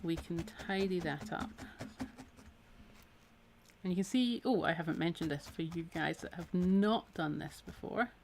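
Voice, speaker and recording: A woman's voice: fairly low pitch, a little slow, long pauses, darkish tone, slight background noise. A Scottish woman giving a live needle felting tutorial in a chatty, encouraging way, her voice a little tired from a week of talking. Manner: chatty, encouraging, talks while working. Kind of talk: live-streamed craft tutorial.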